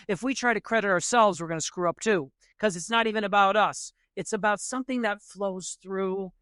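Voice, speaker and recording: A man's voice: sits high, fairly bright tone, clear, resonant tone, dry recording. Jazz guy on a podcast rambling through a story, lots of restarts, dry close mic. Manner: rambling, restarts, many "you know"s. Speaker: podcast guest, jazz musician. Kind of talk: conversational storytelling.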